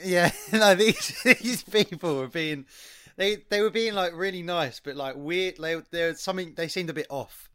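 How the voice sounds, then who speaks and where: A man's voice: high-pitched, moderate pace, clear, resonant tone, no echo, clean studio sound. A man telling a story in casual podcast chat, acting out the quotes with sudden exclamations. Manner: animated, acts out quotes with rising exclamations. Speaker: podcast co-host.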